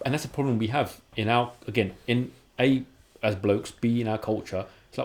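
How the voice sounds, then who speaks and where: A man's voice: mid-range voice, fairly quick, a little mellow. A man, a podcast guest telling candid personal stories in a casual way and acting out the dialogue he quotes. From London, England.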